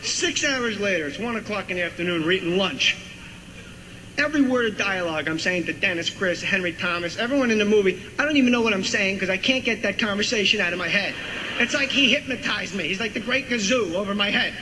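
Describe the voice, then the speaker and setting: A comedian with a fairly high voice for a man tells a story with lots of emphasis and energy. A loud wash of noise sits under his voice. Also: expressive, quick pace. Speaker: comedian guest. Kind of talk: comic anecdote. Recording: loud noisy background.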